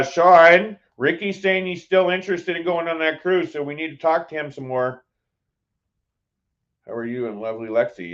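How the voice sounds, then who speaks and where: A man's voice: mid-range voice, dull audio. A man live-streaming a casual chat from a cruise ship, rambling with lots of fillers and restarts. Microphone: phone.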